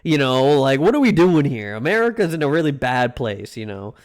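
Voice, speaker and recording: A man's voice: mid-range voice, big pitch swings, brisk. A young man streaming, reacting to food with casual, mock-outraged rants and plenty of swearing.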